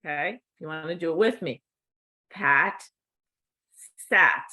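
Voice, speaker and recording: A middle-aged woman teaching cued speech, speaking patiently and checking in with the learner often. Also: low voice. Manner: slow, patient, checks in with "okay?". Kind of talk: instructional demonstration.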